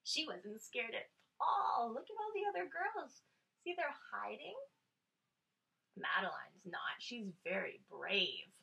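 Breathy, whispery woman storyteller. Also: on the high side, very animated, unhurried, poor audio. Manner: gentle, coaxing, often drops to a soft whisper; interactive, invites young listeners to join in. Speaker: children's storyteller. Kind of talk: reading a picture book aloud to children.

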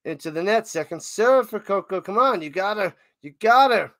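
A man doing casual live play-by-play of a tennis match as a streamer, excitable, humming and chanting between points. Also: high voice, fairly quick, no room sound, clean studio sound.

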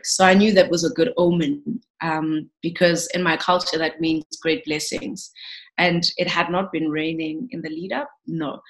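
A woman in her thirties, a sports broadcaster, telling her story in an interview with feeling and many repeated words. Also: lowish voice. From South Africa. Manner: emotional, animated, repeats words when moved.

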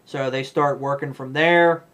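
A man's voice: medium pitch, steady tone, a little slow, fairly bright tone. A man giving a rambling, blunt, profane movie review rant.

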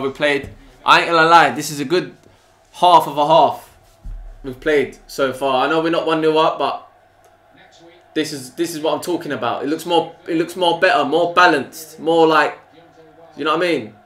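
A young man with a London accent reacting to a football match live, excitable and full of slang, yelling at the players. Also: on the high side, normal speed, roomy sound. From England. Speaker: football fan reaction channel host. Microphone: desktop USB mic.

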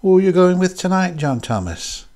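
A man's voice: high-pitched, sing-song, normal speed, dark tone, pitched above the performer's own voice. A man voicing Muriel, a bold young woman tram conductor who teases and coaxes. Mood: teasing. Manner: teasing, coaxing.

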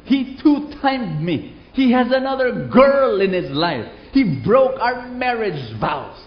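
A man voicing an angry, betrayed wife who wants revenge, pushing his voice high and indignant. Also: very animated, slow pace, heavily acted. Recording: roomy, dull hall recording.

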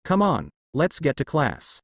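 A smug, playful teenage girl, as a male narrator puts her on, teasing in manner with a bouncing pitch. The voice sounds close and dry. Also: huge pitch swings, unhurried, no echo, heavily acted.

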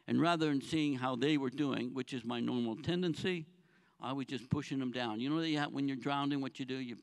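A male pastor preaching a sermon. He talks earnestly, asks the congregation rhetorical questions, and moves between soft, low phrases and raised, pressing ones. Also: gravelly.

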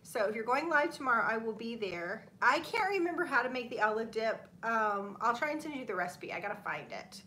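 A woman's voice: a little high, animated, fairly quick, few pauses, bright, forceful tone, slight background noise. A woman in her thirties hosting a casual livestream, chatting with viewers, reading their comments aloud and laughing often. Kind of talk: casual live chat.

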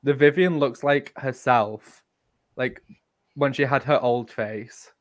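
A man with a Northern English accent, co-hosting a casual podcast chat and ranting with animated, sweary mock outrage. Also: mid-range voice, takes it slowly. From England. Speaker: podcast co-host.

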